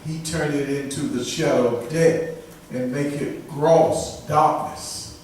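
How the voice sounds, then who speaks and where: A man reads scripture with slow, deliberate care. His higher voice sounds distant from the mic. It echoes heavily around the room over faint ambience. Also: steady tone, a little mellow, slight background noise. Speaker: scripture reader. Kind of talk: reading scripture aloud.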